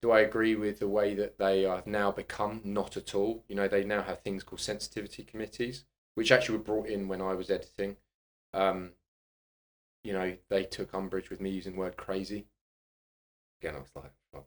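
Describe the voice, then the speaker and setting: A man's voice: fairly low pitch, level tone, a little fast. A middle-aged man, a podcast guest telling blunt, candid stories and swearing freely. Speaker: guest, personal trainer and author. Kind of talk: candid conversational storytelling.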